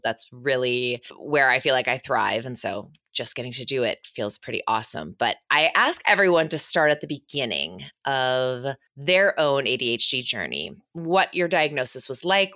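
A woman's voice: a bass voice, bright, forceful tone, dry recording, studio quality. A woman hosting a podcast, asking her guest friendly, open questions. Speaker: podcast host. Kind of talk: interview questions.

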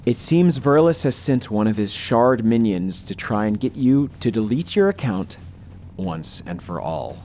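A man narrating a tabletop game as game master, in a slow, dramatic manner. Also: lowish voice, sing-song, mellow, soft background music.

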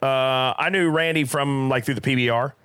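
Man, rodeo announcer guest, casual podcast talk, bright tone, dry close sound, loose and hesitant. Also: medium pitch, moderate pace, clear, resonant tone, no room sound. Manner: relaxed, hesitant with many fillers and small laughs.

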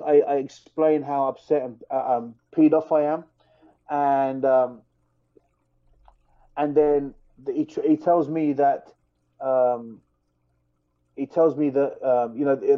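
A man, a fighter, telling a heated story in casual podcast talk, animated and full of restarts. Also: a little high, phone-quality sound. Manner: animated, fired-up retelling with many restarts.

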